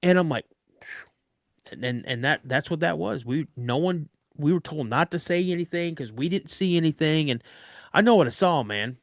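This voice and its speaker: A man guest on a podcast, telling a story of an encounter in an animated way and acting out other people's voices. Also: on the high side, fairly quick, no room sound, studio quality.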